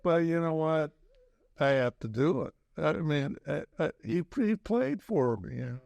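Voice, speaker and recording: Casting: older man, gravelly voice, dry close mic, halting reflective interview guest. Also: a little high, expressive, a little mellow, no room sound. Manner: halting, many restarts and "you know". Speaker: podcast guest, former basketball coach. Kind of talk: casual interview chat.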